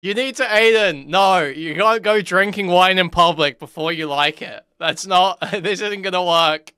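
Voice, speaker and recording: A man's voice: high-pitched, a little slow, bright, forceful tone, clean tone, dry recording, studio quality. A man hosting a casual commentary video, reacting to a clip with incredulous, mocking remarks and frequent laughs.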